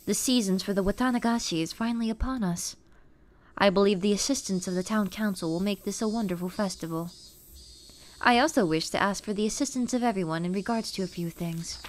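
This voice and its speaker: Formal announcer, put on by a woman, measured, reporter-style. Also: mid-range voice, a little hiss or hum, natural voice. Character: formal village notice announcer. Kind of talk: reading a notice in a reporter voice.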